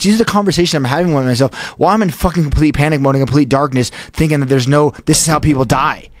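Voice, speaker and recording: A man's voice: fairly high pitch, fast, no room sound, studio quality. Profane, intense male podcast guest. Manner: profane, breathless retelling of a panic. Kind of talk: intense storytelling.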